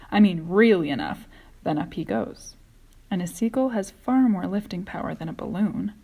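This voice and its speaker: Woman voicing a calm, determined boy. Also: mid-range voice, close to an everyday voice. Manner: calm, firm.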